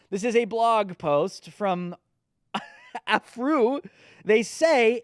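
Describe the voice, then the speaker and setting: A man's voice: sits high, expressive, extremely slow, long pauses, clear, resonant tone, no echo, studio quality. A man hosting a political commentary show, talking in a sarcastic, mocking way. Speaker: host.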